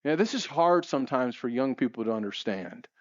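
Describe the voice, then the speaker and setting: A man preaching a sermon to his congregation, reading scripture with rising passion and then dropping low to reflect on it. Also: expressive, a little fast. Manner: impassioned, rises high reading scripture aloud. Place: church sanctuary. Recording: dull lo-fi recording in a reverberant hall. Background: long church reverb.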